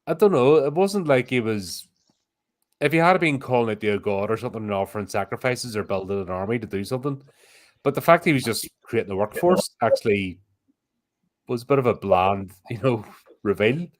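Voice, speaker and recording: A man's voice: on the low side, animated, fairly quick. A man co-hosting a podcast, giving dry, wry comments in a casual film chat. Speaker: podcast co-host.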